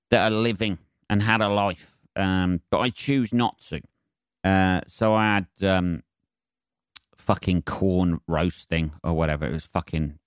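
A man's voice: low-pitched, dry recording, studio quality. Sweary chatty man. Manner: sweary, chatty, self-mocking. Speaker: podcast host. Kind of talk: rambling solo podcast monologue.

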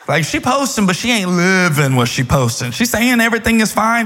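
A man's voice: high voice, big pitch swings, fairly quick, hardly any pauses, fairly bright tone. A man preaching as a youth pastor, casual and playful, with slang asides, in a church hall. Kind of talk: sermon.

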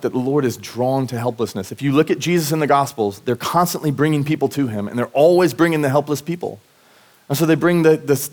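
A male pastor, preaching at mid pitch in an easygoing, conversational way. He mixes Bible teaching with homey stories from family life, talking earnestly and loosely, with plenty of "like" and restarted phrases. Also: a little mellow. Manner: casual and earnest, frequent "like" and restarts. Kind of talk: conversational sermon with personal stories. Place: church service.

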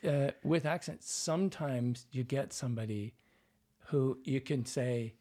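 A man's voice: mid-range voice, fairly even intonation, a little slow, mellow. A man from Iowa with a Midwestern American accent, a dialect coach telling anecdotes in an interview and acting out the voices he quotes. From Iowa, USA. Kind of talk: storytelling interview.

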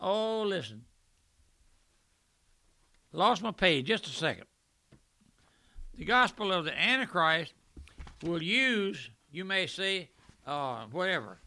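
An older man preaching a fervent radio sermon, swelling loudly at points and breaking into asides. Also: sits high, big pitch swings, takes it slowly, vocal fry, pauses often, no echo.

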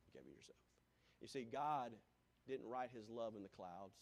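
A man preaching a sermon, folksy and repetitive, rising to loud calls and dropping to near-whispers. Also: mid-range voice, moderate pace. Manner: folksy, repeats lines for emphasis. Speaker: pastor.

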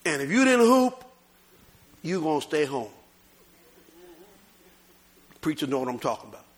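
A man preaching a sermon as pastor, swinging between loud bursts and low asides. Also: very animated, a little fast.

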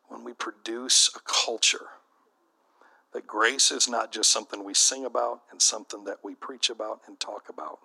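A man's voice: on the low side, steady tone, moderate pace, vocal fry, pushed and bright, rough recording. A middle-aged man, a bishop, preaching to church leaders in a conversational, storytelling way.

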